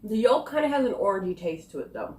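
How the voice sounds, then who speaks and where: A woman reviewing snacks in a casual taste-test vlog, chatting and thinking aloud with quiet asides. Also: medium pitch, big pitch swings, fast. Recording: echoey room.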